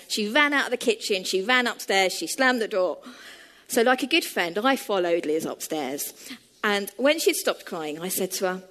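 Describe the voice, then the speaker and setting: A woman preaching a sermon and telling a story in a measured, storytelling manner. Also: medium pitch, expressive, fairly bright tone.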